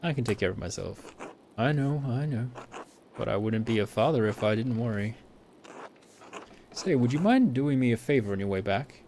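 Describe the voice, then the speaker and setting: Man as a worrying dad figure, fond, everyday mid-pitched voice. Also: expressive, normal speed, pauses often, noisy background, lightly acted. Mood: caring. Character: caring middle-aged father, worried and warm.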